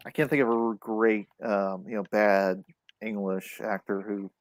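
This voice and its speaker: Podcast host: man with a slow, halting delivery, loose and filler-heavy, recorded dry and close. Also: on the low side, flat delivery, dry recording. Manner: hesitant, full of "like" and fillers. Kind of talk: casual chat.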